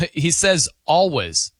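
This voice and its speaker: A man's voice: a little high, very animated, extremely slow, husky, dry recording, clean studio sound. A middle-aged man hosting a radio show in casual chat, laughing often and mimicking how people say words.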